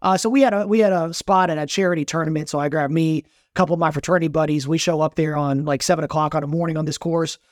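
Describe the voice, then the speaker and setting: A man with a high, quick voice tells stories on a sports podcast. He sounds lively and animated. The recording is dry and close to the mic. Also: no echo. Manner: animated storyteller, quick and bright. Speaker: sports reporter. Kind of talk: casual podcast chat.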